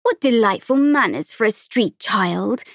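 A woman voicing a kindly, genteel Victorian lady who speaks in a refined and gentle way. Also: on the high side, lively intonation, measured pace, dry recording, studio quality.

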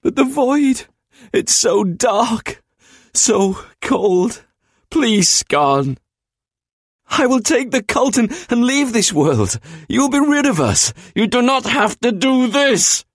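A man voicing a desperate demonic male entity who pleads in high, strained cries. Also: lively intonation, slow, breathy edge, dry recording, clean studio sound, heavily acted. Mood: pleading.

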